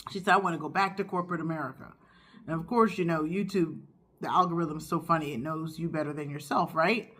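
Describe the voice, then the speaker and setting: A woman who hosts a mukbang, chatting casually and expressively while she eats. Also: low-pitched. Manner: chatty and expressive, talks through bites. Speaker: mukbang vlogger host. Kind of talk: casual chat while eating.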